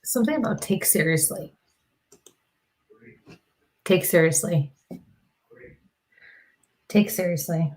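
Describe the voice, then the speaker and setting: A woman working as a medium on a live stream, speaking haltingly with pauses and soft trailing murmurs, feeling hot and clammy. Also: on the low side, rough recording. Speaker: medium, co-host. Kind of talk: live-stream psychic reading.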